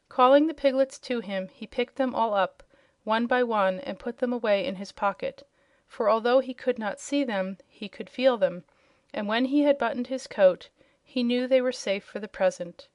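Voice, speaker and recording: A woman narrating a children's audiobook chapter in a clear, steady storytelling voice. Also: fairly high pitch, moderate pace, no room sound.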